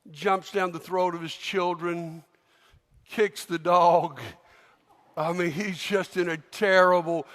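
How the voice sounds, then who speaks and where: A high-voiced pastor preaches with animated storytelling and acts out each scene. His voice fills a large church, with a long reverb trailing each phrase. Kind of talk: sermon.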